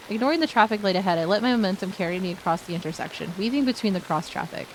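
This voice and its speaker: A woman's voice: medium pitch, racing, hardly any pauses, slight background noise. Woman streamer reading a story aloud. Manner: steady narration broken by candid asides.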